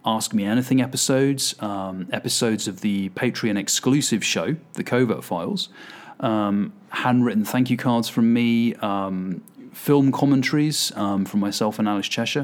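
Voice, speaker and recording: Chatty male podcast host, a bit low-pitched, casual and self-mocking. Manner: chatty and self-deprecating, with fillers. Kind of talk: casual solo podcast monologue.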